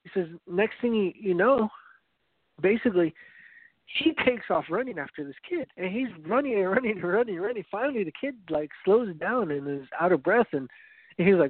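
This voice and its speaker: A high-voiced man preaches earnestly, telling a story and often restarting his phrases. The sound is dry and narrow, like it came over a phone line. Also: lively intonation, normal speed, dry recording. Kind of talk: evangelistic teaching talk.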